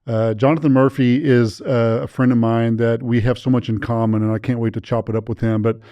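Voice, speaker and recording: Male podcast host, mellow tone, dry studio; upbeat, self-correcting casual chat. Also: mid-range voice, little pitch movement, fairly quick, dry recording, highs cut off.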